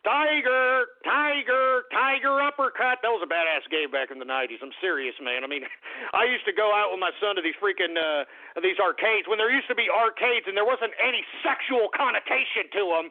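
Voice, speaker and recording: A man's voice: high voice, a little fast. A man hosting a call-in radio show, ranting and mocking callers with constant profanity. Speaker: radio host. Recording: tinny phone-line audio.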